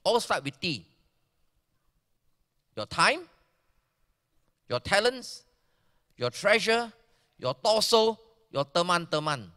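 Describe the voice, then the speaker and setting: A Malaysian male pastor preaches in a bright, high, very lively voice, taking his time over each phrase. He moves from loud emphasis to hushed, almost whispered asides. The sound carries the long reverb of a church hall. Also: slow pace, long pauses. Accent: Malaysian English. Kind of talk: sermon.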